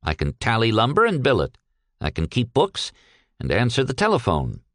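A man with a medium-pitched voice reads aloud, voicing a cheerful young one-armed ex-soldier who talks earnestly and politely, pitching himself above his natural voice. His delivery swings widely in pitch at a normal speed, with a fairly bright tone. The studio recording is clean, with no room sound.

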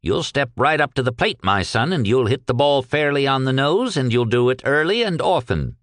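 A man's voice: medium pitch, big pitch swings, moderate pace, a bit bright, dry recording, studio quality, pitched above the performer's own voice. A man reading aloud and voicing a shrewd, genial retired old businessman who talks in a purring, folksy way. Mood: stern.

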